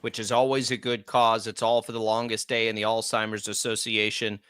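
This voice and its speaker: A bright, forceful man hosts a sports radio show with an American accent. He chats energetically and reads promos in a breezy way. The mic sound is dry and close. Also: fairly low pitch, fairly quick, clean tone, no echo. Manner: chatty, energetic, reads ad copy. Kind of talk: casual sports talk radio.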